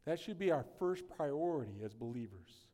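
A male pastor preaching a sermon in an animated, conversational way, with humorous asides. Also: medium pitch, moderate pace. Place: church sanctuary. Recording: long hall reverb.

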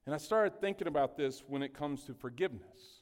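A man's voice: on the high side, expressive, fairly quick. A man preaching a casual, joking sermon, often asking the congregation questions. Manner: chatty, jokey, often asks the congregation questions. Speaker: pastor. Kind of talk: conversational sermon. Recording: long hall reverb.

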